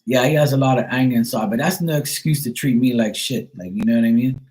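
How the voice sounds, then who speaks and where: A man's voice: mid-range voice, quick pace, a little mellow, low-quality recording. A middle-aged man hosting a livestream, telling a rambling story full of blunt profanity in casual chat. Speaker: livestream host.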